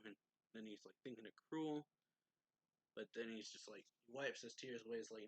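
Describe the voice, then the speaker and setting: Bright-voiced man recapping a manga chapter. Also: mid-range voice, fairly even intonation, normal speed, no room sound, rough recording. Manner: loose retelling with frequent "he's like" and laughs. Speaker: anime reviewer.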